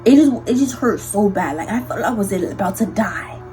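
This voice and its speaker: Young woman vlogger, slangy and animated, storytime delivery, mid pitch, faint music underneath. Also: brisk, low-quality recording. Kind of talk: storytime vlog.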